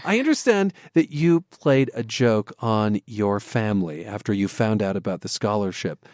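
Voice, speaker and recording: Male radio host, mid-pitched and animated, dry close-mic sound, friendly questioning. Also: normal speed, no room sound. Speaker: radio interviewer. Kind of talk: broadcast interview.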